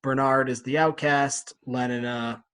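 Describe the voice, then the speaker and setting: A man's voice: mid-range voice, steady tone, measured pace, fairly bright tone, clean tone. Chatty man leading a book club podcast. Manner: chatty, laughs often, leads the discussion. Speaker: podcast co-host. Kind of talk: casual book club chat.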